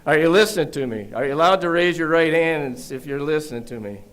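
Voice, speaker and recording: A man's voice: fairly high pitch, animated, fast. A man giving a ceremonial graduation address to a police academy class in a large room, speaking at a podium mic with earnest storytelling, emphatic repetition and wry asides. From Michigan, United States. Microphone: podium microphone.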